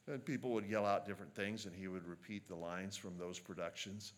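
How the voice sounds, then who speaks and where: A man preaching a sermon as a pastor, earnest and measured, slowing down to stress quoted lines. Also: deep voice, steady tone.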